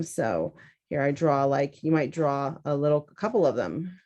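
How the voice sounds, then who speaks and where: A woman with a low voice and a Southern US accent, talking through a classroom lesson. She takes her time and stretches words out to sound them syllable by syllable. Her tone is casual, and she thinks aloud as she goes. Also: darkish tone. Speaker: teacher. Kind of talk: instructional demonstration.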